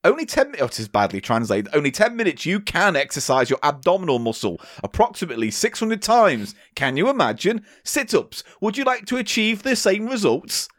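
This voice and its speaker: Lively, sweary English man co-hosting. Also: fairly high pitch, fairly quick, hardly any pauses, dry recording, clean studio sound. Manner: playful, sweary, lively delivery with silly put-on voices. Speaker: podcast co-host. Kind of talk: casual comedic banter.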